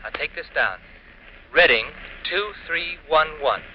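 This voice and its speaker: A calm, loving husband speaks gently in an old radio play, voiced by an actor. His mid-pitched voice comes through a muffled vintage broadcast with a faint hiss underneath. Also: quick pace, natural voice. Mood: reassuring. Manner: calm, affectionate, reassuring. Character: ill husband speaking on a recorded message. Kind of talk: 1940s radio acting.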